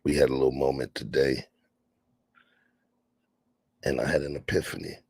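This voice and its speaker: A man's voice: extremely low pitch, level tone, moderate pace, a little mellow, husky, no echo. A man hosting a casual late-night podcast, laid-back and slangy, talking from home. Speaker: podcast host. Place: home, near a patio door.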